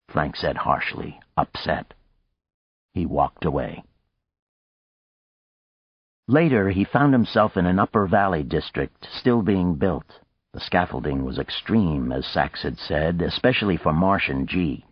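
A man narrating an audiobook in a measured, expressive way, in a dry, dull lo-fi recording. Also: deep voice, breathy edge, dry recording.

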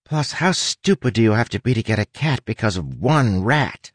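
A man's voice: on the low side, expressive, moderate pace, no echo, studio quality, pitched above the performer's own voice. A man voicing a small, cowardly talking rat who grumbles and whines. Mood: grumbling. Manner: whiny, grumbling.

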